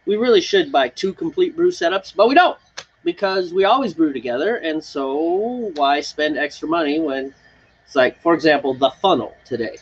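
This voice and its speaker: With a sing-song lilt at normal speed, this man's slightly rough voice sits on the high side. He's co-hosting a homebrew live stream from an outdoor front porch patio, rambling casually with frequent laughs. The recording is muffled.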